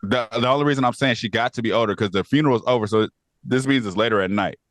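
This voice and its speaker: A man's voice: mid-range voice, quick pace, a bit bright, no room sound. A man co-hosting a casual review podcast, retelling plot with quoted lines and frequent laughs. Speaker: podcast co-host.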